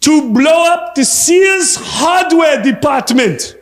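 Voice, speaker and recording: A man putting on a high, squealing voice as a fake foreign dictator making a prank call. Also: lively intonation, slow pace, exaggerated voice. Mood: shrill menacing. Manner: high squealing put-on voice, drawn out.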